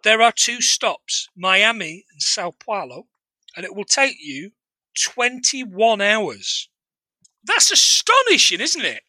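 A man with a high, very bright voice talks through a film scene by scene in casual podcast chat. He is animated and jokey and breaks into laughter often. The sound is dry and close. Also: takes it slowly, no room sound, low-quality recording. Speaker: podcast co-host.

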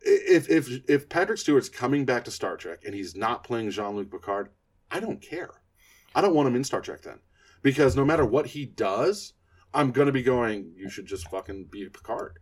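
A man's voice: mid-range voice, expressive, moderate pace, breathy edge. A man co-hosting a podcast in casual chat, ranting and cursing with lots of stammered restarts. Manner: profane, stammering rants about fandom. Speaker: podcast co-host.

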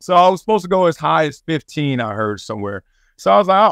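A man's voice: on the high side, quick pace, vocal fry, smooth, no echo, clean studio sound. A man in his forties with a Southern California accent, a former pro football player telling stories in a casual interview, laughing and acting out quotes. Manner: animated, laughing storyteller who acts out quotes. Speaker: podcast guest, former NFL player and sports broadcaster.

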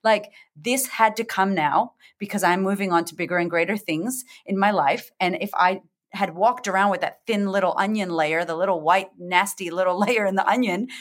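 A woman's voice: mid-range voice, normal speed. A middle-aged woman, a confidence coach, telling stories expressively in a casual interview, acting out her own thoughts and laughing often. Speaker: confidence coach, podcast guest. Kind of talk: animated storytelling in casual interview.

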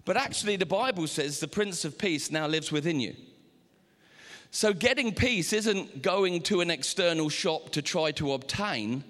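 Male pastor, fairly high voice, lively sermon delivery, long hall echo. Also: a little slow. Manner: animated preaching with sudden high pitch jumps.

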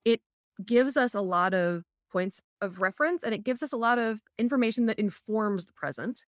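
A woman's voice: fairly high pitch, normal speed, dry recording, studio quality. A middle-aged woman, an EFT practitioner, chatting casually and telling stories with lots of "like" fillers. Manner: chatty, many "like" fillers, storytelling. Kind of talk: casual explanatory chat.

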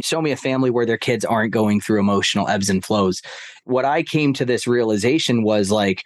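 A man on a podcast, telling a family story in a casual, animated way and acting out the quotes. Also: fairly low pitch, dry recording, clean studio sound. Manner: animated, acts out quotes of his stepson. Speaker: podcast guest.

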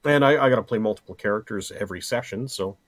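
A man's voice: lowish voice, fast. A middle-aged man in a casual podcast chat, joking around and rambling with a playful manner. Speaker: podcast co-host.

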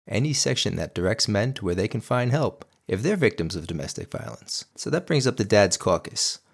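A middle-aged man hosts his podcast in a scripted monologue. He talks bluntly and with emphasis, swearing now and then, his voice sitting somewhat low for a man. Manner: blunt and emphatic, with crude language. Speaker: podcast host.

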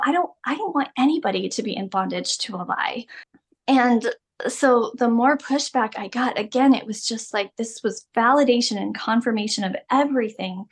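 A middle-aged woman, a podcast guest, telling her personal story in a candid, emphatic way and laughing often. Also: a little high.

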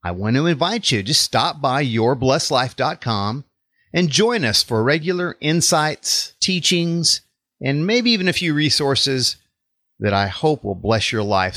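A man's voice: mid-range voice, very animated, a little slow, a bit bright, no echo, clean studio sound. A man with a Texas accent hosting a faith podcast interview, upbeat and welcoming. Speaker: podcast host and life coach.

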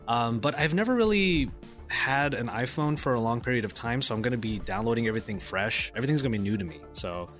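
Lively bright-voiced male podcast host. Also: mid-range voice, fast, soft background music. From United States. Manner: lively, laughing, self-correcting. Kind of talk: casual tech podcast chat.

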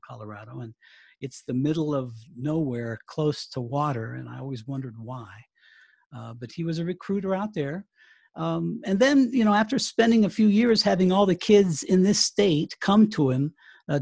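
A chatty American man in his fifties tells stories in a relaxed interview. His voice is gravelly and a little husky, and the sound is close and dry. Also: on the high side, no echo. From United States. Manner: storytelling, chatty, with laughs and restarts. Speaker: interview guest, writer and former radio broadcaster. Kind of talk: casual interview chat.

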